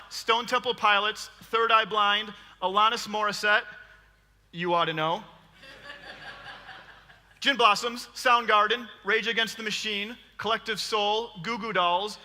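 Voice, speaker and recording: Male preacher, 30s, high bright voice, playful storytelling sermon, big church hall reverb. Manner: animated, joking, laughs often. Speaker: guest preacher.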